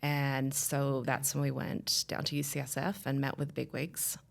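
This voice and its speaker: A woman's voice: extremely low pitch, monotone, moderate pace, vocal fry. A woman in her thirties telling her family's story in a podcast interview, earnest and rambling with many restarts.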